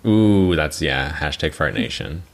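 Very deep-voiced young man, animated. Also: a little slow, gravelly. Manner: animated storytelling, swearing, jumps into high mocking voices for quotes. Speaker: podcast co-host. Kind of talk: casual chat.

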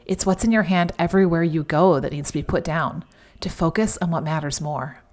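A woman's voice: lowish voice, brisk. Chatty, emphatic woman podcast host. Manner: chatty and emphatic, with sudden animated outbursts. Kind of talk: devotional podcast talk.

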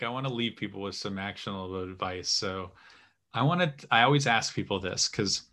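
A man hosts a podcast interview, asking long, rambling questions stuffed with fillers. His lowish voice is sharp-toned and a little fast, and the talk is casual.

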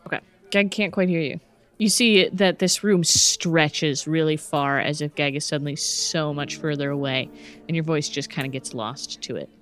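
A woman's voice: sits low, normal speed, a bit bright. Teasing woman running a tabletop game. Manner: laid-back and teasing, with light laughs. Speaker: game master.

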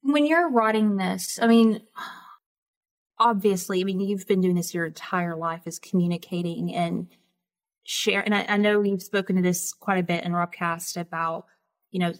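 A woman's voice: on the low side, fairly even intonation, moderate pace. A woman with a Southern American accent hosting a casual interview, enthusiastic and thinking aloud as she talks. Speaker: podcast host.

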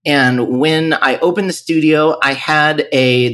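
A man's voice: fairly high pitch, steady tone, unhurried, pushed and bright. A man who owns a music school, speaking candidly and reflectively in a podcast interview, often restarting his sentences. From northern Virginia.

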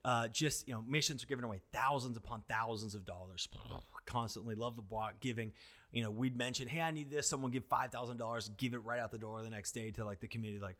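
A man's voice: medium pitch, fast. A man who is a pastor, telling stories in casual conversation, acting out quotes and filling his talk with "like" and "you know.". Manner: animated storyteller who acts out quotes, filler-heavy. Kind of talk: casual conversation about church outreach.

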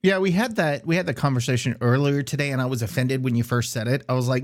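A man co-hosting a casual sports podcast, joking and opinionated, with relaxed slang. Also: medium pitch, fast, hardly any pauses. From south Louisiana. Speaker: podcast co-host.

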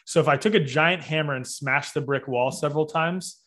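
A man's voice: a little high, moderate pace, fairly bright tone. A man speaking as an interview guest, making his case in an emphatic, methodical, lecturing way. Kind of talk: interview argument.

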